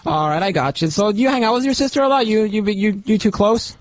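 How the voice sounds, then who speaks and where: A man hosting a call-in radio show, firing off repetitive questions in rapid succession. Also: high-pitched, lively intonation, no room sound.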